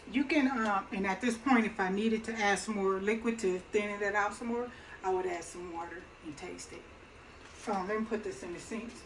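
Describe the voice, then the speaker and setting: A woman's voice: mid-range voice, background noise. A middle-aged woman hosting her own cooking channel, talking through a casual demonstration at her kitchen stove in a chatty, folksy way, laughing easily. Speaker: home cook and channel host.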